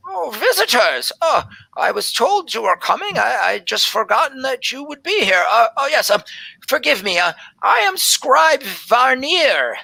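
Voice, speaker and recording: A man's voice: very high voice, very animated, a little slow, gravelly, pushed and bright, no room sound, voice pushed up, heavily acted. A man voicing an ancient, nimble elven woman scribe who stammers and calls people dearie. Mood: flustered.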